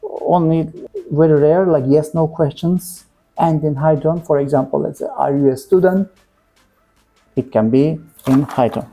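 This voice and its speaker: A man teaching English pronunciation, saying example words slowly and repeating them, with short, plain corrections. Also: fairly high pitch, fairly even intonation, mellow, soft background music. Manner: simple, direct phrasing with plain corrections. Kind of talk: pronunciation lesson.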